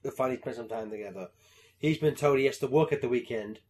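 A man chatting casually about movies, swearing a lot and slipping into loud mocking voices. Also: medium pitch, fast talker. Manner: animated, profane, breaks into loud mock voices. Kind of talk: casual chat.

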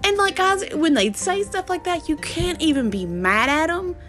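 A woman's voice: very high-pitched, expressive, normal speed, a bit bright, soft background music. A woman, chatting and laughing as she rambles through stories about her children. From West Virginia. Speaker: mother telling family stories. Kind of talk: casual storytelling to viewers.

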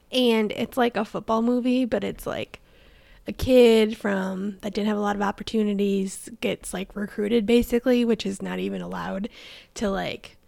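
A woman's voice: mid-range voice, vocal fry, a little mellow, dry recording. A young woman co-hosting a podcast, chatting casually and often trailing off into near-whispers. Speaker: podcast co-host. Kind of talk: casual chat.

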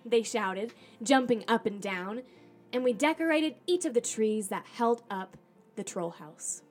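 A woman podcast host reading a children's storybook aloud in the first person, animated, with acted dialogue. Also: a little high, measured pace, husky, faint music behind.

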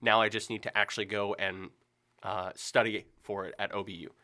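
A young man, a youth minister, chatting earnestly with many pauses and fillers. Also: lowish voice, flat delivery, pushed and bright. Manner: earnest, rambling with many ums. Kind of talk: casual chat.

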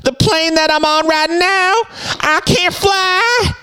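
A man's voice: very high-pitched, slow pace, bright, forceful tone, pitched above the performer's own voice, heavily acted. A man voicing a greedy male televangelist who begs his flock for money in a pleading, preachy manner. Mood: begging, preachy.

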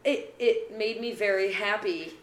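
A woman with a Midwestern accent co-hosting a podcast, telling stories in a wry, expressive way. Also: mid-range voice, measured pace, roomy sound, slight background noise. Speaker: podcast co-host. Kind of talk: casual chat. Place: apartment room.

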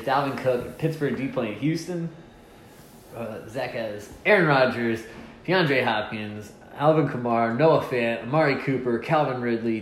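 A man hosting a casual sports chat, joking around and rattling off player names and stats. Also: medium pitch. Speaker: podcast host. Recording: echoey room, faint ambient noise.

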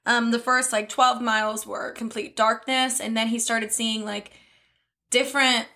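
A woman's voice: fairly high pitch, level tone, unhurried, sharp tone. A young woman co-hosting a podcast in casual chat, chatty and often laughing. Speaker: podcast co-host.

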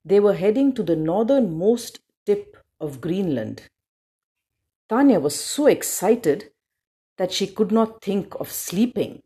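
A woman narrating a children's storybook aloud, expressive, with small slips now and then. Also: mid-range voice, takes it slowly, husky.

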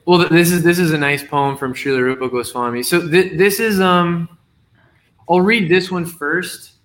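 A man's voice: on the high side, moderate pace, fairly bright tone. A man on a video call reading his poem and explaining its wordplay, hesitant and often restarting or repeating words. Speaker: poet guest.

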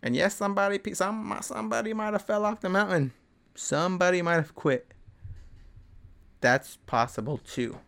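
A man's voice: high voice, normal speed, gravelly, fairly bright tone. A young man hosting a podcast, delivering a blunt, rambling motivational monologue full of swearing. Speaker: podcast host.

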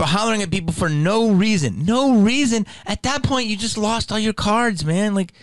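Comedian guy venting to the camera, swears a lot, pretty high voice, dry close sound. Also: a bit bright, no room sound. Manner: profane, heated and indignant. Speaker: stand-up comedian. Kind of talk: ranting commentary to camera.

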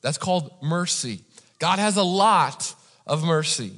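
A pastor from Indiana gives a sermon, telling a story in a chatty way and often asking the crowd "right?". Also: male voice, on the high side, lively intonation, measured pace, fairly bright tone. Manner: conversational, repeats "right?" for the audience. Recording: long hall reverb.

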